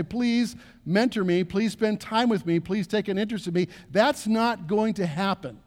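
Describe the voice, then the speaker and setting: In a church sanctuary, a middle-aged pastor delivers an earnest sermon, repeating phrases and asking the congregation to answer him. His voice is high-pitched and a little mellow, filling a large hall.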